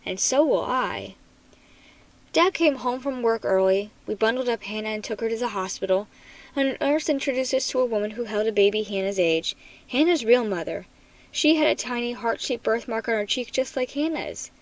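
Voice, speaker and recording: A woman reading a children's horror book aloud in an expressive, dramatic manner. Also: a little high, fairly quick, poor audio. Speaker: storybook reader.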